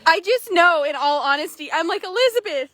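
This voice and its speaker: A woman horse trader telling animated, laughing stories in casual chat, swearing freely. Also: high-pitched, normal speed, no room sound.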